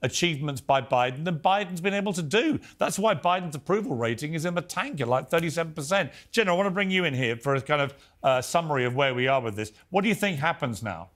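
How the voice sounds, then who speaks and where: A man's voice: fairly high pitch, expressive, fast, hardly any pauses, fairly bright tone. Assertive male TV host. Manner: assertive, cuts in to steer. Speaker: host of a TV debate show. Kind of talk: TV panel moderation.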